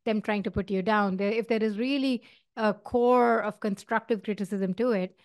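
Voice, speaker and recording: A woman's voice: medium pitch, steady tone, normal speed, a little mellow, dry recording, studio quality. A middle-aged woman with an Indian accent gives career advice in an earnest, conversational way, with fillers and restarts. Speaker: podcast host. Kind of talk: solo advice talk.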